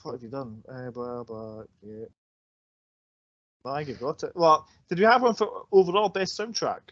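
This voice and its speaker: A man's voice: medium pitch, normal speed, fairly bright tone, dry recording, dull audio. A man co-hosting a podcast, chatting casually with short, offhand remarks. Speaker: podcast co-host. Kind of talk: casual chat.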